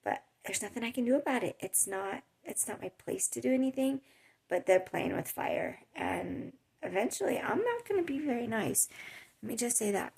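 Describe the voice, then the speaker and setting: Her voice mid-range, creaky, husky and a little mellow, a woman shares stories about her chronic illness in a vlog from home in a hot desert area. The storytelling to camera is casual, chatty and rambling, dotted with little laughs.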